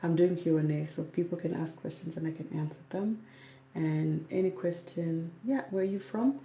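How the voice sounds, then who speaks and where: Soft-spoken woman from South Sudan hosting a casual livestream Q&A; low, gravelly voice in an echoey room. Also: moderate pace, lo-fi sound. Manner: calm, soft-spoken, reads out viewer comments. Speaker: YouTuber. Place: home room with ring light. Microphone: camera on ring light.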